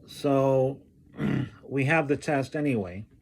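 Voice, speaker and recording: A man telling a personal story from his school days, slow and halting, often clearing his throat. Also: medium pitch, a little mellow. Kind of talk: personal anecdote told slowly.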